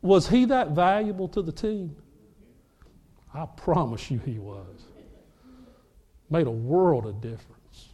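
A man preaching a sermon, telling a story with lively acted-out dialogue. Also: a little high, slow, long pauses, husky. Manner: animated storyteller, acts out dialogue. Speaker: pastor.

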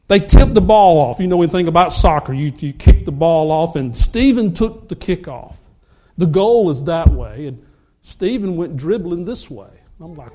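High-voiced animated preacher man. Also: moderate pace. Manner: animated storyteller, acts out dialogue. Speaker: pastor. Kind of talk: sermon with storytelling.

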